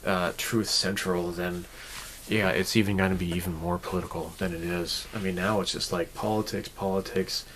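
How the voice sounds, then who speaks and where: A man with a very low voice talks through a loose, rambling channel update, drifting off topic and filling gaps with ums and restarts. He speaks bluntly, with the odd crude aside, over a faint hiss of background noise. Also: level tone, moderate pace, a bit bright. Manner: rambling, sidetracked, frequent fillers and restarts. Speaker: hobby channel host.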